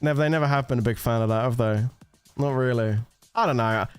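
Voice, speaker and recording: A man's voice: mid-range voice, quick pace, clear, resonant tone, soft background music. A man in a casual gaming rant, swearing, rambling and laughing as he talks to his viewers. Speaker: gaming content creator.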